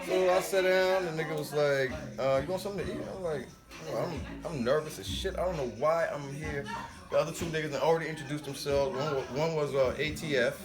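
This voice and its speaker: Male podcast guest, rapid animated storytelling, slightly high voice, music under it. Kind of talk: storytelling in casual chat.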